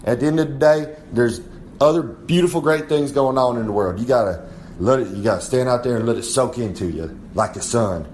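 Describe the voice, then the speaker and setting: Swaggering wrestler bragging. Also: male voice, medium pitch, brisk, darkish tone, slight background noise. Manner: swaggering, rambling, drawling brag. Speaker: wrestler giving a comic segment. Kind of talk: boastful in-character monologue.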